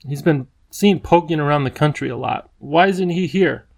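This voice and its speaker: A man voicing a regal, friendly male creature king with a deep voice and an engaging lisp, genial and a little fussy. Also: moderate pace, creaky. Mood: curious.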